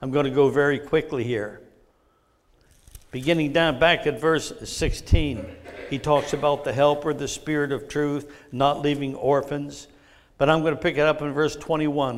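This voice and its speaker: Earnest middle-aged preacher, higher voice. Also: male voice, steady tone, normal speed. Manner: earnest storytelling preacher, quoting scripture. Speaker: pastor. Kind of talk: sermon.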